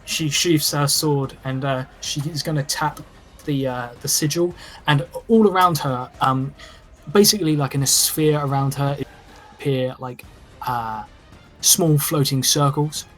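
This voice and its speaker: A man's voice: fairly high pitch, measured pace, a bit bright, faint music behind. Man game master narrating casually. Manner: casual, hesitant narration full of "uh" and "like".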